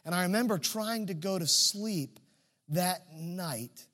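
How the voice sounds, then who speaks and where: High-voiced pastor telling a story. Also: male voice, slow pace, a bit bright, big-room sound. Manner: conversational, humorous storyteller. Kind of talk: sermon with personal storytelling.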